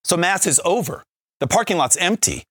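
Animated man telling a faith story. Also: high-pitched, normal speed, slightly rough, no echo, clean studio sound. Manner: animated storyteller, acts out quotes, frequent "right?". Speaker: Catholic speaker, former youth minister.

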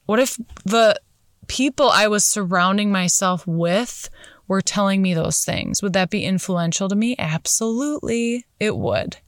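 An earnest, encouraging woman in her thirties speaks straight to her podcast listeners, calling them "you guys" as she cheers them on. Her voice sits at an ordinary middle pitch for a woman. It is recorded close on the mic, with a dry sound and no room echo. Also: measured pace. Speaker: podcast host. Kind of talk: motivational podcast monologue.

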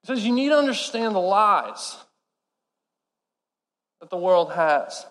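A man preaching a sermon to a live congregation, impassioned and swinging between urgent and soft. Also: high-pitched, sing-song, takes it slowly. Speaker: pastor. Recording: long hall reverb.

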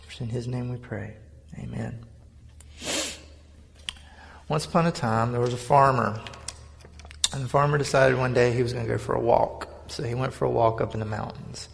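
Guy pastor giving a sermon, gravelly voice, earnest and chatty, big echoey church. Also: mid-range voice, steady tone, fairly quick. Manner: earnest, conversational preaching. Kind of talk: sermon with prayer and storytelling.

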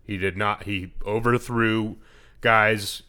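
A man's voice: fairly low pitch, steady tone, takes it slowly, bright, forceful tone, smooth. A man co-hosting a sports podcast, talking news in a laid-back, blunt way. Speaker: podcast co-host. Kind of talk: casual sports chat.

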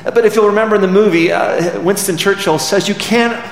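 A man's voice: high voice, fairly even intonation, brisk. Earnest man preaching in a hall. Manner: earnest storytelling, retelling a film scene. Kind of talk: sermon. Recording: echoey hall with faint background noise.

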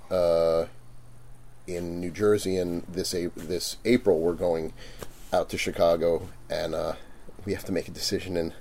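A man telling stories in a casual chat, animated, laughing and acting out quotes loudly. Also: sits low. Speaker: guest vendor.

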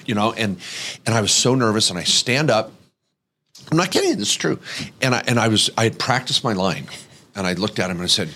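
A middle-aged man hosting a podcast, telling an anecdote in a lively way and acting out the people in it. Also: lowish voice, brisk. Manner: lively, acts out voices in anecdotes. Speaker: podcast host. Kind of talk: animated storytelling chat.

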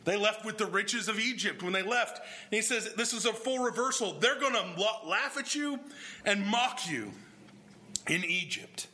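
A man's voice: high voice, lively intonation, moderate pace, sharp tone. A man preaching a sermon, explaining scripture verse by verse and putting questions to his congregation. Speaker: pastor.

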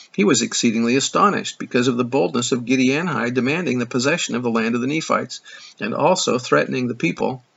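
A man teaching from scripture reads the verses aloud and breaks off for dry comments, stumbling now and then. His voice is gravelly and a little husky. The recording is muffled and lo-fi. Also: mid-range voice, fairly bright tone. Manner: dry asides, occasional stumbles. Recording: dull lo-fi recording.

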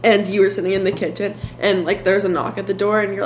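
Teasing young woman, mid-pitched. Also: quick pace, slight background noise. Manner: teasing, lively storyteller. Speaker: guest, host's sister. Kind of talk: casual family chat.

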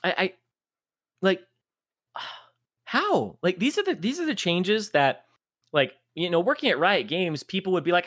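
Animated, swearing gaming podcast man. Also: sits high, unhurried, long pauses, slightly rough, dry recording, studio quality. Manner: swearing, exasperated, animated rants with laughing asides. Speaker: podcast co-host, former esports commentator. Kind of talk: casual gaming podcast rant.

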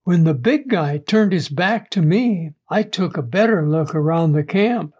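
A man narrates a first-person story chapter in a measured, deliberate way. His voice sits high for a man, and he takes his time over every phrase. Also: animated, a little mellow, husky, muffled recording. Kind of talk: audiobook story reading.

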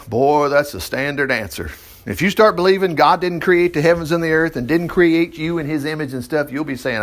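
A man teaching from the Bible in a folksy, animated way, reading verses aloud and adding asides. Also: a little high, fairly quick. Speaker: preacher.

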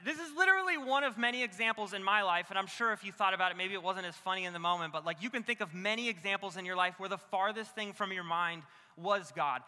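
A young male pastor gives his sermon in a large room, and his voice trails off into a long reverb. He sounds very bright and sits high in pitch. He talks loosely and animatedly, mocks himself, and fills his stories with casual fillers. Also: fast, hardly any pauses. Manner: animated, self-mocking, many "like" fillers. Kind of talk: sermon with comic storytelling.

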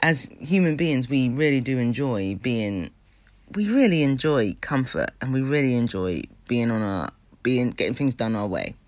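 A man's voice: mid-range voice, dry recording. A man giving a motivational talk about habits and mindset, earnest and emphatic, repeating phrases and checking in with the listener.

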